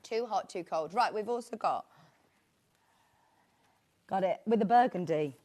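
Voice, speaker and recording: A woman's voice: medium pitch, animated, measured pace, darkish tone. A British woman presenting a live shopping show, chatting in a rambling, friendly way with asides. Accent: British English. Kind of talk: live sales chat.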